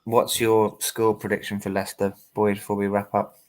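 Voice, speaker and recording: A man's voice: fairly low pitch, completely flat delivery, moderate pace. A man hosting a football podcast, asking questions and joking in casual chat.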